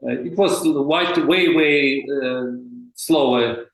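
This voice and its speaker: A man from Russia with a heavy Russian accent, a guest expert talking in a podcast interview, halting and full of fillers. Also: fairly high pitch, echoey room, poor audio. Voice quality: hesitant, many fillers and restarts.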